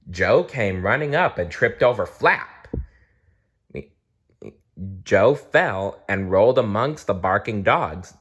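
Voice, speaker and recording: A man reading a children's storybook aloud, gently and with small restarts. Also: lowish voice.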